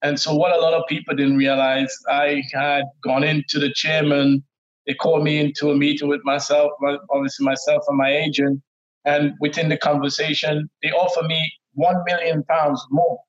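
A middle-aged man with a Trinidadian accent, telling stories as a guest in a relaxed, laid-back way, often laughing. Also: a little high, normal speed. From Trinidad and Tobago. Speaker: guest, former footballer. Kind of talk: casual interview storytelling. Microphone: remote call audio. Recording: dull lo-fi call audio.

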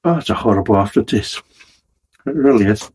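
A man's voice: on the low side, lively intonation, fairly quick, a little mellow, slightly rough, poor audio. A man giving a casual, blunt and sweary spoken beer review with a wry, exasperated manner.

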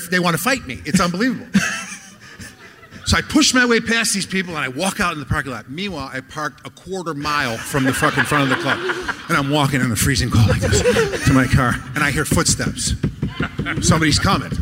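A man's voice: fairly high pitch, brisk. A man telling a profane comedy story on stage, acting out the people in it. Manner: animated, profane, acts out voices. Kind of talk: live podcast storytelling. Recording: live room with long reverb and background noise.

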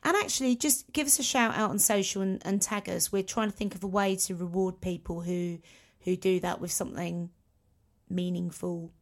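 A woman's voice: fairly low pitch, steady tone, moderate pace. A woman co-hosting a podcast in casual chat, rambling and self-mocking. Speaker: podcast co-host.

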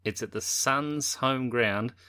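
Wry Australian male co-host, bright edge, dry close mic. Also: mid-range voice, takes it slowly, smooth, dry recording. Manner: wry, playful teasing. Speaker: podcast co-host. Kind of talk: casual sports chat.

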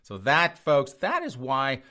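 A man's voice: mid-range voice, wildly swooping pitch, takes it slowly, sharp tone. A man hosting his own show, giving a sarcastic political commentary monologue to his audience. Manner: mocking, sarcastic, addresses audience as folks. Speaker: show host.

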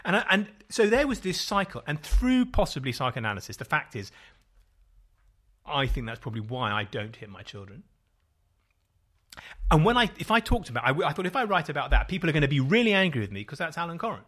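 A man's voice: a little high, sing-song, fairly quick, fairly bright tone. A middle-aged man co-hosting a podcast, telling rambling, self-mocking stories in casual chat. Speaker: podcast co-host.

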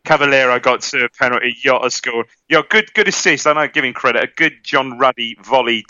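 A man's voice: medium pitch, brisk, bright, forceful tone, no echo, lo-fi sound. A man from England co-hosting a casual football podcast, eagerly chiming in and prompting his co-host. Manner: eager interjector, keeps prompting the other host.

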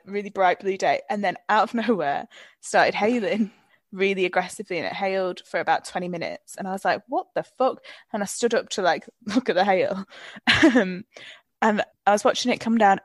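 A woman's voice: medium pitch, dry recording. A British woman co-hosting a podcast, telling casual stories with frequent giggles and some swearing. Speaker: podcast co-host.

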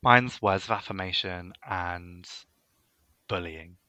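A man's voice: low-pitched, slow pace, sharp tone, no echo, muffled recording. A young man co-hosting a podcast, teasing and cheeky in casual chat, swearing freely. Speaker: podcast co-host.

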